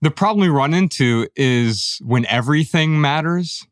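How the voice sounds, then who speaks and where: A man's voice: fairly high pitch, animated, moderate pace, smooth, dry recording, studio quality. A man co-hosting a podcast, speaking reflectively and telling personal stories while acting out quoted lines. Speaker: podcast co-host. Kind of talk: conversational podcast discussion.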